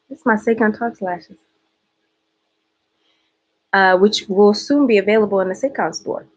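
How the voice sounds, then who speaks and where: A woman's voice: medium pitch, normal speed, long pauses, muffled recording. Chatty Southern woman hosting a livestream. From Georgia, US. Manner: chatty, playful, reads viewer comments. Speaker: host. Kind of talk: casual livestream chat.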